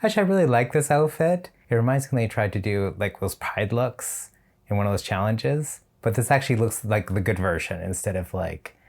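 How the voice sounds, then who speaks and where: A man's voice: on the low side, expressive, a little fast, a little mellow. A man reviewing a drag competition show in a casual, chatty reaction style, with opinionated and slightly shady asides.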